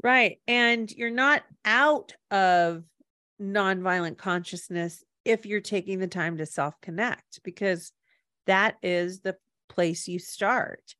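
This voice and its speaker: A woman's voice: mid-range voice, takes it slowly, pushed and bright, no echo. Supportive woman co-host, dry close sound. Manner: supportive, explains ideas, acts out her own inner voice. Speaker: podcast co-host. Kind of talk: reflective conversational chat.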